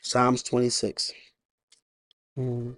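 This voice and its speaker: A man's voice: mid-range voice, monotone, drawn-out words, fairly bright tone, no room sound. Emphatic male preacher, dry sound. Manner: emphatic preaching with folksy asides and rhetorical questions. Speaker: pastor. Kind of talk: sermon.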